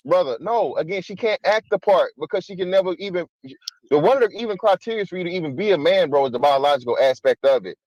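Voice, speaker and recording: A man's voice: high-pitched, animated, quick pace, darkish tone, dry recording, highs cut off. A man arguing his point in a heated casual debate, cutting in and repeating himself. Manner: insistent, repeats himself to hold the floor. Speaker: panelist.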